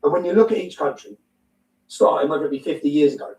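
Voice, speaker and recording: An Englishman with an English accent speaks bluntly and emphatically as a guest in a heated conversational interview, repeating his points and swearing now and then. His voice is on the high side, fast, and a little mellow, captured from a distance in an echoey room on a low-quality recording.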